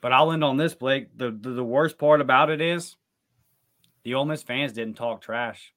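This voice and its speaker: A man's voice: mid-range voice, normal speed, fairly bright tone. A man co-hosting a sports recap podcast, talking casually and getting fired up into emphatic rants. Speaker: podcast co-host.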